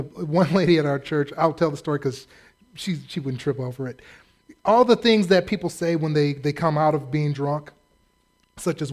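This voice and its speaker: With a fairly high, slightly mellow voice at a moderate pace, this pastor delivers a funny sermon and performs the voices of the characters he describes.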